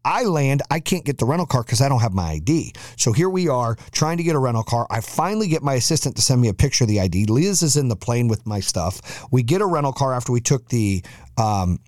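A man's voice: medium pitch, sing-song, fast talker, darkish tone, no room sound, studio quality. A man hosting a podcast, telling a chaotic family travel story with lots of cursing and acted-out quotes. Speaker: podcast host. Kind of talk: storytelling monologue.

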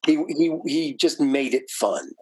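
A man as a podcast guest, telling stories in a lively way. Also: a little high, unhurried, breathy edge. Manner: animated, voices people when quoting them. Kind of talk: podcast interview storytelling.

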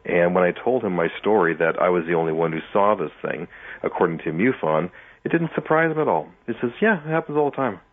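A man's voice: deep voice, lively intonation, a little fast. A man, a musician guest, telling his own story in a casual interview and acting out his past reactions. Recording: tinny phone line.

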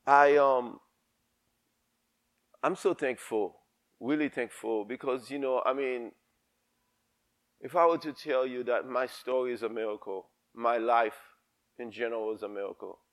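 A man's voice: mid-range voice, steady tone, measured pace, pauses often. A middle-aged man preaching a sermon, fervent and repetitive, calling the congregation to respond.

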